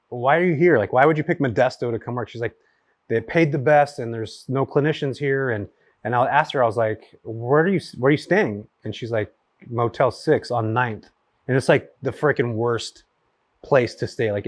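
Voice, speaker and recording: A man in his forties from California tells stories in a relaxed, chatty way, piling up fillers as he goes. He talks very fast at a mid pitch. The sound is dry and close. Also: dry recording. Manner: rapid, animated storyteller with many fillers. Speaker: guest, real estate investor. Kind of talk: casual storytelling chat. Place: his home.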